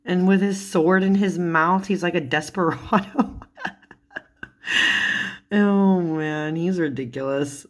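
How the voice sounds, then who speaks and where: A young woman with a low voice talks casually to her viewers about cards she finds funny. She giggles often and leans on "like" as a filler. Her chat is loose and friendly. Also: slow, pauses often. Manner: giggly, chatty, lots of "like" fillers. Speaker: tarot YouTuber.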